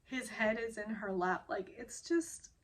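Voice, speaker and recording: A woman's voice: mid-range voice, animated, a little slow. A woman recapping a drama episode in a casual, chatty way, getting emotional and holding back tears as she talks. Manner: chatty and informal.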